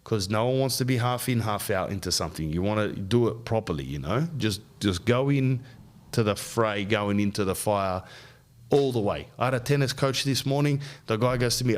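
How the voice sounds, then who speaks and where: Australian man, podcast host, casual rambling monologue, slangy, animated. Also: fairly low pitch, brisk. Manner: slangy, animated, says "bro" a lot.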